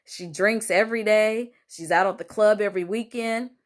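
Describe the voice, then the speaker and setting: Older woman telling a family story. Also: normal speed. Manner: animated, acts out quoted lines with rising pitch, many fillers. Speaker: host sharing a personal story. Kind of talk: casual storytelling monologue.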